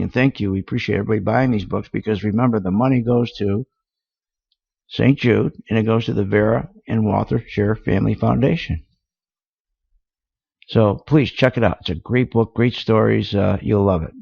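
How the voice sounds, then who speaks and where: A man's voice: fairly low pitch, vocal fry, darkish tone, slightly rough, dry recording. A man hosting a radio talk show, ranting indignantly with rhetorical questions, heard through a dull lo-fi radio sound. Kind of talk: opinionated radio talk on markets.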